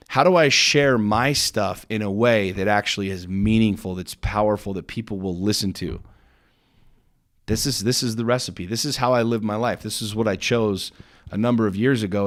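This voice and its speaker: On his own podcast, a middle-aged business coach and host gives a motivational monologue with blunt intensity. He swears freely and drives points home through repetition, his voice sitting on the low side.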